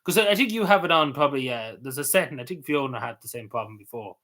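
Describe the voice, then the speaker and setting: A man with a Cavan Irish accent chatting casually on a live stream, answering comments in a halting way that trails off quietly at the ends of phrases. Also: mid-range voice, expressive. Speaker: livestreamer.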